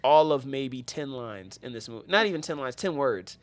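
A man chatting casually as a podcast host, his voice sitting at an ordinary middle pitch. He rambles along, leaning on fillers and restarting his sentences. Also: lively intonation, normal speed, no echo. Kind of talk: casual chat.

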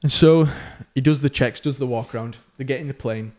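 A man hosting a podcast, telling a story in a casual, animated way that builds suspense. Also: mid-range voice, brisk. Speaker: podcast host.

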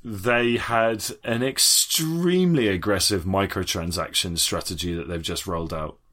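A man's voice: deep voice, unhurried, a bit bright. A man co-hosting a podcast, chatting casually with frequent swearing and laughter, possibly. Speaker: podcast co-host. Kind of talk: casual chat.

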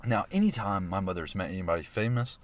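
A man's voice: deep voice, lively intonation, fast talker, a crowd in the background. A man, animatedly telling a story in casual podcast chat, laughing often. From Alabama. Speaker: podcast guest.

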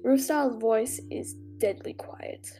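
A woman's voice: a little high, a little slow. A woman reading a fan story aloud with dramatic storytelling. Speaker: narrator. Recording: faint music behind. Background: faint music.

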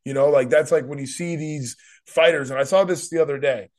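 A man's voice: fairly high pitch, steady tone, fairly quick. Rambling man hosting a podcast. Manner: rambling, emphatic, repeats words. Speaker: podcast host. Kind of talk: casual podcast chat.

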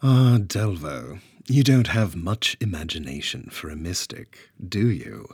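A man voicing a calm, sarcastic, commanding goddess in a storybook reading. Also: mid-range voice, slow, husky, no echo, clean studio sound, voice pushed up, exaggerated voice. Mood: cool.

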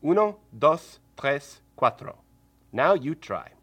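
A playful, friendly dog asks children to copy him, in a storybook reading voiced by a man. The pitch moves about a lot. He speaks slowly and patiently. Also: sing-song, fairly bright tone, slightly rough, heavily acted. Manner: cheerful, inviting children to join in.

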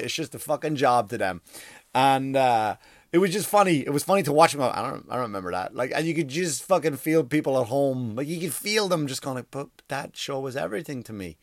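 A man's voice: a little high, no room sound, studio quality. A man doing a comedy monologue, rambling and profane, with many "like" and "you know" fillers, from a workspace. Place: workspace across from a school.

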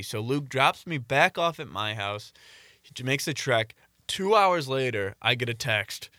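Bright-voiced young man telling a story. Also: medium pitch, measured pace, no room sound, clean studio sound. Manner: animated storytelling, acting out quotes. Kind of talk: casual podcast chat.

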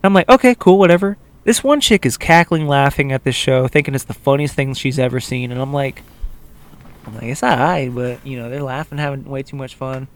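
A young man co-hosting a casual podcast, telling a rambling story in a mid-pitched voice. He keeps jumping into the voices of the people in it, quoting them with lively emphasis. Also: a little fast. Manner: animated, acts out quotes of others. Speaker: podcast co-host.

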